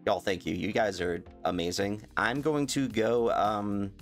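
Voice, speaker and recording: A man's voice: fairly low pitch, steady tone, measured pace, soft background music. A young man vlogging his reaction in a rambling, stuttering way, laughing at himself. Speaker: YouTuber reacting to a clip. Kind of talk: casual reaction vlog.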